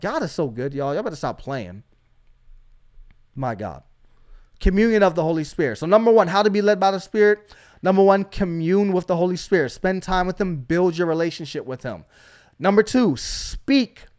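Male preacher-host, high voice, emphatic exhorting delivery with lots of call-outs. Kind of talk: energetic preaching.

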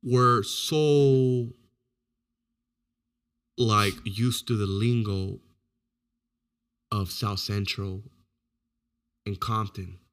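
A man with a bright, forceful voice chats loosely on a podcast. He tells his stories with animation and curses freely. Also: on the low side, very slow, long pauses. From Orange County, California. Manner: animated storytelling, swears freely. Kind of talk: casual chat.

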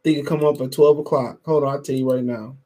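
A man's voice: medium pitch, fairly even intonation, fast, warm tone. A man hosting a boxing podcast, giving heated, profane casual commentary while greeting his live chat. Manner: profane, heated, emphatic and repetitive.

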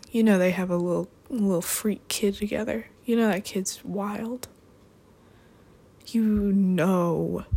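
A woman's voice: mid-range voice, darkish tone, husky. A young woman hosting a podcast, chatting in a rambling, playful way with sarcastic asides. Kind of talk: rambling comedic chat.

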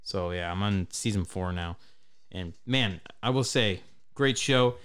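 A man's voice: low-pitched, measured pace, clear, resonant tone. A man in his thirties telling a rambling, profane story as a podcast host in casual chat. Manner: profane, rambling, animated when telling stories.

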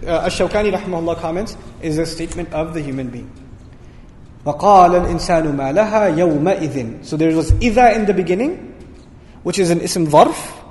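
A man giving a Quran tafsir lesson, explaining quickly and with animation and breaking into Arabic recitation. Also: sits high, a little mellow, echoey room, long reverb tail. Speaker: Quran teacher. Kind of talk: tafsir lecture.

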